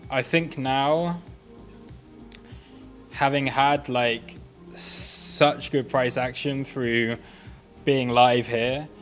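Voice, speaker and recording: Chatty man streaming live. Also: mid-range voice. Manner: chatty, self-amused, laughs often. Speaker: livestream trading host. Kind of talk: casual live-stream chat.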